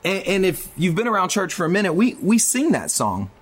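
A man preaching a sermon to viewers online, in a dramatic delivery that swings between loud urgency and a hushed voice. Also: high voice, wildly swooping pitch, brisk, husky. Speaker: pastor.

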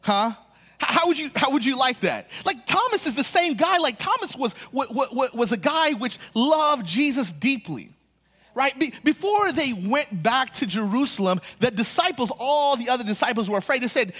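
A male pastor preaching a sermon, animated, often repeating words as he restarts, swinging between quick bursts and slow, drawn-out emphasis. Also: very high voice.

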